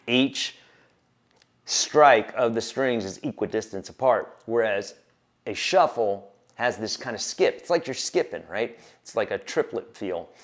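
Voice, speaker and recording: A man's voice: fairly low pitch, animated, unhurried. A man teaching guitar on a livestream, talking casually and encouragingly and counting beats aloud.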